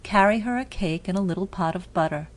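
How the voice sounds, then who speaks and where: A woman voicing a gentle mother in a storybook reading, giving quick instructions. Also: mid-range voice, natural voice. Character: gentle mother sending her daughter off.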